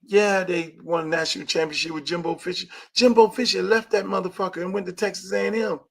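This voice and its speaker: A man hosting a show, ranting about football with loud, profane, emphatic repetition. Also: high-pitched, fairly even intonation, fast, vocal fry. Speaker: talk show host; high school football coach. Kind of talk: profane sports rant.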